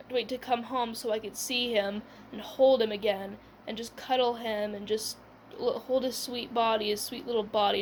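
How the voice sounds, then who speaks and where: Young adult woman, higher voice, loose casual storyteller who fills every gap with "like" and laughs, faint background hiss. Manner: rambling, full of "like" and "whatever", laughing.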